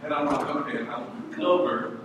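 Middle-aged male pastor, lively storytelling sermon, slightly high voice, far-off mic in a reverberant hall with background noise. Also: moderate pace. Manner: animated storytelling, acting out voices. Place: church hall. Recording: echoey hall from far off, noisy.

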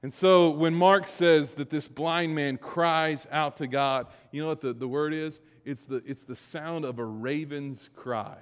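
A man preaching a conversational sermon, moving between quiet reflective passages and louder emphatic stretches. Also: a little high, unhurried, hardly any pauses, clean tone. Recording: long hall reverb.

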